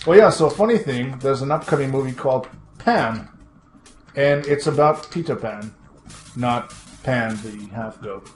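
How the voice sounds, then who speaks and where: A man chatting casually while playing a game, rambling excitedly, laughing often and swearing casually. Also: medium pitch, measured pace, faint music behind. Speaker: co-host of a retro gaming show. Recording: echoey room with faint background noise.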